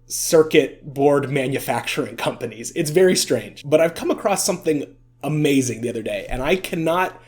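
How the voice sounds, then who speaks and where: A man's voice: on the high side, lively intonation, normal speed, darkish tone. A man giving casual, chatty vlog commentary, amused and full of fillers. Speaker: video essay vlogger.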